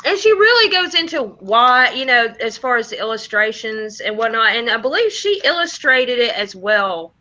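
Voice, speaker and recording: Female guest, bubbly and lively, bright tone, dull lo-fi recording. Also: on the high side, normal speed, few pauses. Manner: bubbly and enthusiastic. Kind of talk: casual chat. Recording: dull lo-fi sound.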